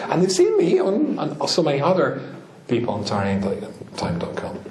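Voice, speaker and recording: A rabbi with a Scottish accent giving a talk to a live audience, joking, teasing them and laughing often. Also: male voice, fairly high pitch, wildly swooping pitch, moderate pace, reverberant, background noise.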